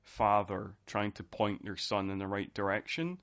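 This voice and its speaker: A man's voice: fairly low pitch, little pitch movement, moderate pace, a bit bright. A man who is a podcast guest, talking casually and rambling with many fillers. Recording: dull, lo-fi sound.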